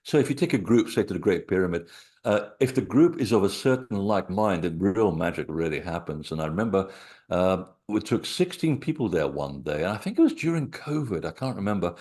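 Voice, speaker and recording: Animated man telling anecdotes. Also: low voice, brisk. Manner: animated anecdotes with asides and self-quotes. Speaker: author and researcher of sacred sites. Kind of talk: conversational interview storytelling.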